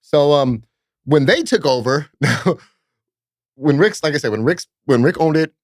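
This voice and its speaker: A man's voice: fairly high pitch, animated, unhurried, no echo, clean studio sound. A man from California, a nightclub promoter, telling long rambling, profane stories as a podcast guest. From Fresno, California. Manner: rambling, profane, peppered with "blah, blah, blah". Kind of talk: casual storytelling in a podcast interview.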